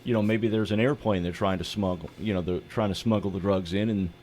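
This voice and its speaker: A man's voice: on the low side, fairly even intonation, fairly quick, a little mellow, slight background noise. A man co-hosting a morning radio show, explaining things in an easygoing, casual way. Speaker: radio co-host. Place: radio studio.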